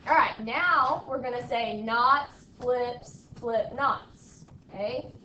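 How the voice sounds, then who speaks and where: A woman teacher speaks slowly and deliberately, her fairly high voice reaching the mic from across an echoey classroom. She drills her class with call-and-response repetition and checks in with "okay?" again and again. Faint room noise sits under her voice. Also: sharp tone, recorded from a distance, muffled recording. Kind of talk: classroom math lesson.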